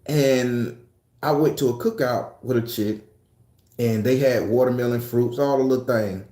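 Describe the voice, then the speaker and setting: A man in his forties telling a profane, comic personal story, acting out voices and breaking into shouts. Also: mid-range voice, moderate pace, reverberant. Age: 40s. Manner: animated, profane, acts out voices with bursts of shouting.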